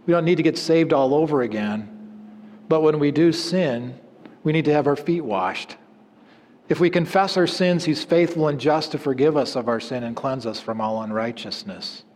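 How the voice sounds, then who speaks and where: A man preaching a sermon in an earnest way, his voice dropping low at the ends of phrases. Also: a little mellow, big-room sound. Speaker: pastor.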